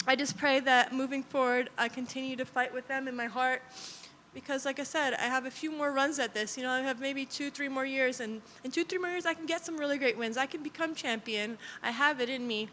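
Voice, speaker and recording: Woman in her 30s, fighter at a post-fight presser; candid, emotional, bright tone, slightly high, reverberant room. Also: fairly even intonation, brisk, a little hiss or hum. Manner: candid and openly emotional, rambling with restarts. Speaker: professional fighter. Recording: long reverb.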